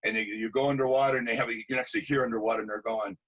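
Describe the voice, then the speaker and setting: A man, an actor and stuntman, telling animated anecdotes in a casual interview, acting out quotes. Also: mid-range voice, racing, slightly rough, low-quality recording.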